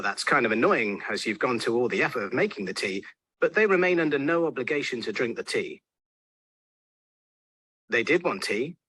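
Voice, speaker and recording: A man gives a wry, patient explainer narration, his pitch swinging freely as he leans on repeated points. His tone is bright and a little husky. The sound is close and dry. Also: dry recording. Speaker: video narrator.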